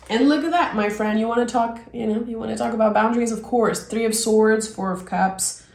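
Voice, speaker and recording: A woman's voice: mid-range voice, moderate pace. Tarot reader woman in a roomy room. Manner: reflective, gently encouraging, thinks aloud. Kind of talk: tarot reading to camera. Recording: roomy echo.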